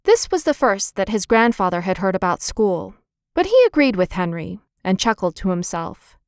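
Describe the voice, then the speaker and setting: A woman's voice: medium pitch, very animated, moderate pace, clear, resonant tone, dry recording, clean studio sound. Woman narrating a children's storybook. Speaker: audiobook narrator.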